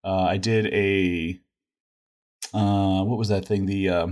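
A man's voice: deep voice, flat delivery, slow, darkish tone. A middle-aged man hosting a podcast in casual, jokey, rambling chat. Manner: jokey, rambling, self-deprecating. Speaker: podcast host.

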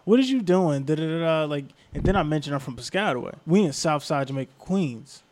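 A man's voice: a little high, brisk. A young man, a comedian, telling a story in casual podcast chat and acting out the people in it. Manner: animated storyteller, acts out quoted people.

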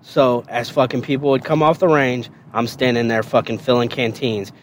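A man telling basic training stories in a casual, profane and animated way on a podcast. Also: medium pitch, moderate pace, slight background noise. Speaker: podcast guest storyteller. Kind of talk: casual storytelling.

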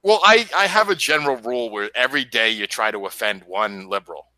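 A man's voice: medium pitch, lively intonation, brisk, bright, forceful tone, no room sound, low-quality recording. A man appearing as a guest on a casual podcast, telling stories in a provocative, joking way. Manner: provocative, storytelling, laughs at own jokes.

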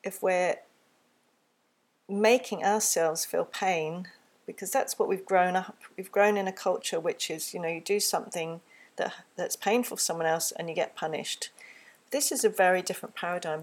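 A woman giving a gentle, earnest solo talk on parenting, recorded close to the microphone and slipping into a soft, soothing tone when she models what to say to a child. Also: mid-range voice, slightly rough. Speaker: parenting teacher. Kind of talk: reflective spoken talk.

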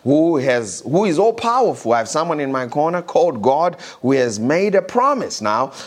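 Male preacher, emphatic sermon delivery, scripture reading, slow stressed verses, halting restarts. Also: a little high, very animated. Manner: emphatic, slows and rises when reading scripture, some filler restarts; reads scripture aloud.

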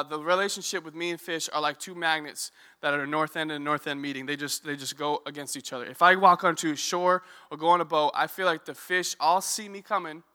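A young man giving a sermon, telling a lively personal story and asking the audience questions. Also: a little high, clean tone. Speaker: youth ministry director. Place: church hall. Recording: reverberant hall.

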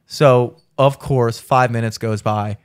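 A man's voice: slow, clear, resonant tone. A man telling a long story in casual chat, swearing often and acting out what others said. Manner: animated, profane, acts out quotes in a high voice.

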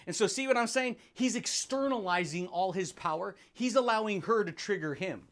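Male podcast host, high voice, energetic, slangy, motivational monologue, quick voices for quoted people.

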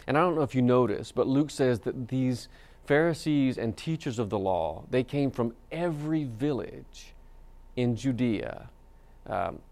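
A man's voice: medium pitch, lively intonation, measured pace, creaky, darkish tone. A male pastor giving a sermon, telling a story in a conversational way with many fillers and restarts.

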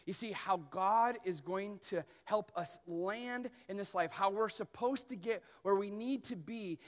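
A man in his thirties delivers a sermon as pastor, his voice sitting high for a man. He tells stories earnestly and slows down to press on key phrases. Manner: earnest storytelling preaching, slowing on key phrases.

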